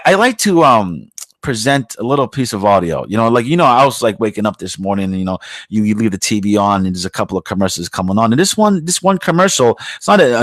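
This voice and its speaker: With a mid-range, slightly bright voice and no echo, an American man rambles through his podcast monologue. It's casual and profane, littered with filler words and restarts.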